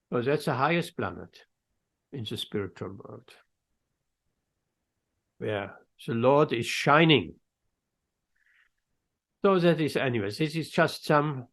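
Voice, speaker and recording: A man teaching a scripture class, telling stories in an unhurried way with pauses mid-phrase and acting out the quoted voices. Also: mid-range voice, animated, creaky. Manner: storytelling, acts out quoted voices. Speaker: spiritual teacher.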